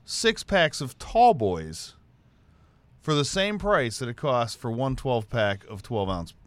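A man co-hosting a casual chat, playful with quick banter. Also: medium pitch, very animated, no echo. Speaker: co-host.

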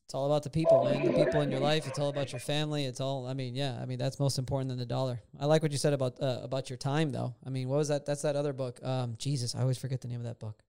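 A man's voice: medium pitch, level tone, very fast, gravelly, few pauses, dark tone. A podcast host in casual conversation, blunt and swearing freely as he asks questions.

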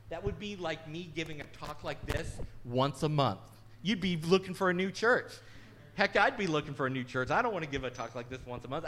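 A man's voice: on the high side, fairly bright tone, slight background noise. A middle-aged man, a pastor, giving a sermon in a candid, conversational and self-deprecating way.

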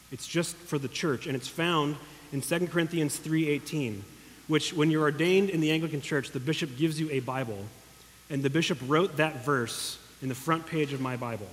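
A man's voice: fairly high pitch, normal speed, slight background noise. Earnest male pastor in a reverberant hall. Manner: earnest, emotional, calls out to the congregation. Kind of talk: sermon. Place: church hall. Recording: long echo of a large hall.

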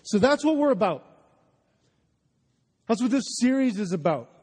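A man preaches with rising fervor, his voice sitting notably high as he pushes his points home. He trips over restarts and repeats himself in his eagerness. The sound carries the long reverb of a large church hall. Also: big pitch swings, moderate pace, darkish tone, husky. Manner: impassioned, emphatic, with stammering restarts. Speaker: pastor. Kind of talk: sermon. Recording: live sermon in a reverberant hall.

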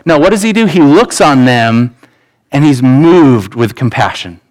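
A man in his thirties preaches to his congregation with an easy, conversational delivery. His voice sits at an ordinary middle pitch. He slips in personal stories and acts out the dialogue inside them. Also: lively intonation, measured pace, rough recording. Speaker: pastor. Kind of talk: sermon. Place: church sanctuary.

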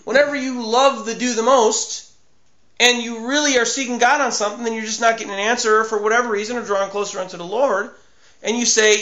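A man's voice: very high-pitched, steady tone, fairly quick, sharp tone, echoey room, lo-fi sound. A man preaching a sermon in an earnest, emphatic way, often repeating his phrases. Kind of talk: sermon on fasting.

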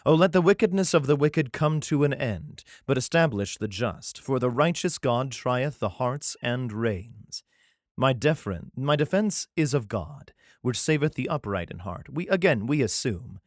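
A man's voice: mid-range voice, animated, normal speed, dry recording, clean studio sound. A man reading scripture aloud and breaking off for wry, sarcastic asides. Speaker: Bible reader and commentator.

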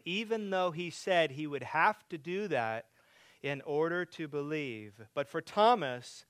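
Preacher guy, slow and deliberate, smooth clear voice, bit higher pitched, dry close sound. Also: dry recording. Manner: builds from quiet teaching to loud emphatic preaching; asks the congregation direct questions. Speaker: pastor. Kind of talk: sermon.

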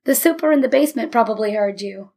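A woman voicing a father with a dry, gently teasing manner in a storybook reading. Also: a little high, quick pace. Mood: wry. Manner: wry, teasing.

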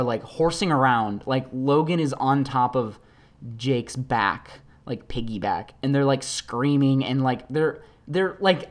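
Chatty podcaster telling a story. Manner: chatty, heavy use of "like", animated retelling with quoted voices; shifts between excited high bursts and low, quiet asides. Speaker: podcast host, actor. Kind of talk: casual monologue.

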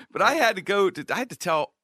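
A middle-aged man with a lively, wide-ranging voice spins an anecdote in casual podcast talk. He acts out the voices of the people in his story and laughs often. The sound is dry and close to the mic. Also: sits high, fairly quick, no echo. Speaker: guest storyteller.

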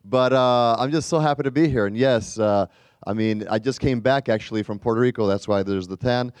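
A man's voice: mid-range voice, fairly quick, darkish tone, smooth, no echo. A man, a guest evangelist, preaching a casual storytelling sermon in a chatty, rambling way with many fillers and restarts.

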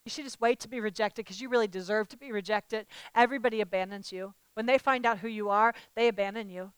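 A woman preaching a sermon to a live audience. She speaks emphatically, calls out to the listeners and rises to loud declarations. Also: mid-range voice, fast talker, smooth, no room sound.

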